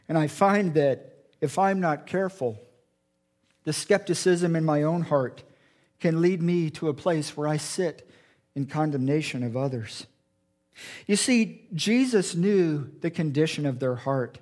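Guy preaching, fairly high voice, earnest, drops low n quiet for quotes. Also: a little slow. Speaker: pastor. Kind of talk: sermon.

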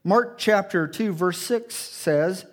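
Guy preaching, fairly high voice, earnest, drops low n quiet for quotes. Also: takes it slowly. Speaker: pastor. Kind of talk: sermon.

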